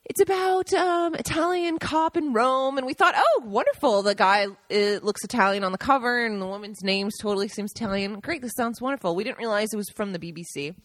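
A woman's voice: fairly high pitch, a little fast, few pauses, fairly bright tone, no echo, clean studio sound. A woman co-hosting a podcast, chatting casually and laughing often. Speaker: podcast co-host. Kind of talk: casual chat. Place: home in Italy.

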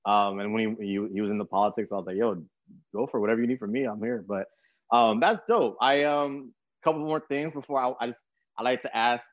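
A man's voice: mid-range voice, fairly quick, no echo, highs cut off. Laid-back young man hosting, dry sound. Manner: laid-back, slangy, jokey. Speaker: podcast host. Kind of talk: casual interview chat.

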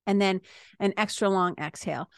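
A woman, a yoga and spiritual teacher talking casually, chatty and animated with frequent asides. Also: mid-range voice, normal speed, smooth, dry recording, studio quality. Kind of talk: casual talk.

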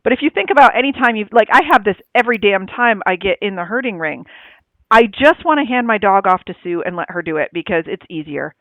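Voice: medium pitch, expressive, fast talker, a bit bright, dry recording. A co-host sharing reflective thoughts in casual chat, swearing now and then. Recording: tinny phone-like line, dry.

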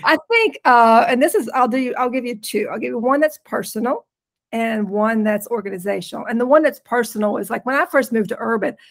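A woman's voice: on the high side, brisk. A woman with a pronounced West Virginia accent, a podcast guest talking casually and unhurriedly, laughing easily. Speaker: podcast guest, rural nonprofit leader. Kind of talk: casual interview chat.

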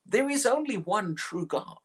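A man's voice: high voice, expressive, measured pace, husky. A middle-aged man preaching a sermon in an earnest way, often repeating words as he starts a sentence.

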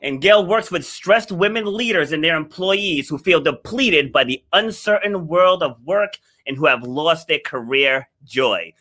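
A man's voice: a little high, lively intonation, unhurried, hardly any pauses, bright, forceful tone. A man hosting a podcast, upbeat and encouraging, laughing often as he interviews a guest. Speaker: podcast host.

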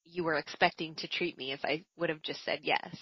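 A woman's voice: low voice, fairly even intonation, fairly quick, husky, dry recording, dull audio. A woman podcast co-host chiming in with short, encouraging replies and laughter. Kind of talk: casual chat, supportive interjections.

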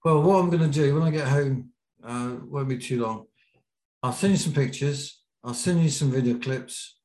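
A man's voice: mid-range voice, moderate pace. British guy telling a daredevil story, acts out all the voices, echoey room. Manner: lively anecdote teller, acting out quotes. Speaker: podcast guest, BASE jumper. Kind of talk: storytelling in an interview. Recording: roomy echo.

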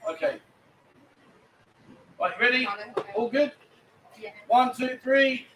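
Chatty male host, pitched high, teasing guests between bar-side segments. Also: slow, a little hiss or hum, low-quality recording. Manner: cheeky, bantering, loud asides. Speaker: live stream host. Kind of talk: casual live-stream banter. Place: busy bar.

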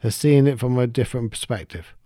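A man talks through his thoughts alone on his podcast, reflective and unhurried in his reasoning. His voice is warm and mellow, and the recording is close and dry with no room sound. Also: medium pitch, animated, dry recording. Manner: reflective, explains step by step, thinks aloud. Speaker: podcast host. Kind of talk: solo podcast monologue.

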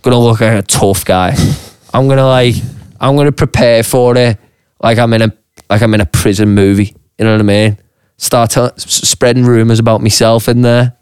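A man tells a pub story on a podcast, animated and swearing freely, slipping into quick voices for the people in it. His tone is smooth and resonant. The sound is close and dry, with no room around it. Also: mid-range voice, no echo. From Liverpool, England. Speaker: podcast co-host. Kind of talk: casual chat, storytelling. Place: podcast studio.

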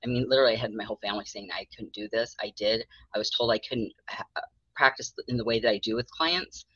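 Rumbling low yet a bit bright and husky, this woman talks fast, with no room sound on the dull, dry, lo-fi recording. She's a middle-aged therapist guesting on a casual interview, voicing the people she quotes as she recounts her story.

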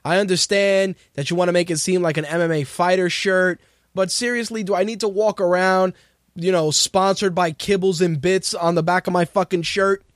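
A man's voice: high-pitched, fairly even intonation, moderate pace, no room sound, studio quality. A man hosting a radio talk show, ranting in casual, profane commentary and sounding exasperated. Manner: ranting, exasperated, swears freely.

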